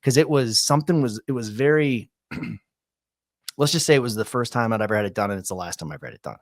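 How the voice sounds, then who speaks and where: 40s guy on his podcast rambling through a story, mid-pitched voice, dry mic sound. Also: lively intonation, a little fast, no room sound. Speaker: podcast host. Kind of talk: casual storytelling chat.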